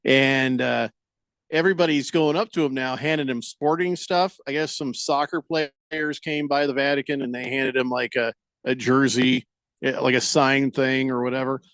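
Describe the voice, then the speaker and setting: A man with a mid-range, fairly bright voice keeps a steady tone and a moderate pace, with no room sound. He hosts a casual sports radio show, rambling and joking, often stumbling over words, stammering and restarting, and acting out quoted voices for laughs.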